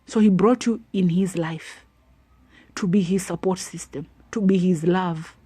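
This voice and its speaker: A woman giving preachy, animated advice to women and retelling a Bible story. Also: on the low side, unhurried, slightly rough, no room sound. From Africa. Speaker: advice vlogger. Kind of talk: motivational talk to women.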